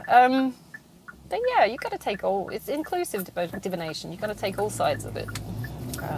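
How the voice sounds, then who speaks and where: A woman, a podcast host talking casually to her listeners while driving to work; she rambles, swears freely and laughs often. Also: medium pitch. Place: in a car.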